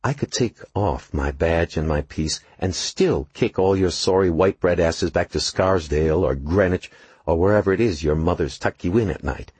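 The voice is a hard-nosed woman cop, as a man puts her on, clipped and commanding as she faces down trouble. The tone is husky and a little raised, with a close, dry sound. She never loses her cool. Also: low-pitched, darkish tone, no room sound. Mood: stern. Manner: firm and measured, commanding. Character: tough cool-headed woman police officer. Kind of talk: audiobook narration.

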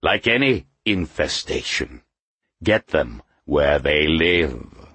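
A man's voice: extremely low pitch, sing-song, slow pace, bright, forceful tone, breathy edge, no echo, exaggerated voice. A male narrator voicing a sly, suspicious leader of an underground community, speaking in a silky hiss. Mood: fierce. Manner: silky hissing voice; suspicious, cackling, grim.

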